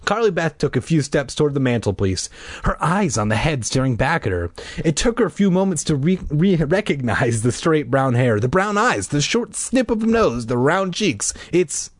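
A man's voice: on the high side, moderate pace, no echo, studio quality. Irreverent man reading aloud with jokes. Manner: irreverent, swears, lively. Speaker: reader. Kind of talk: comedic book reading with asides.

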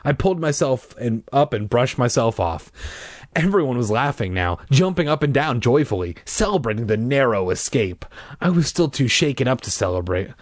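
A man reading a children's horror book aloud, dramatic, with shrieking high voices for the characters and offhand asides. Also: sing-song, moderate pace, no echo, clean studio sound. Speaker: reader.

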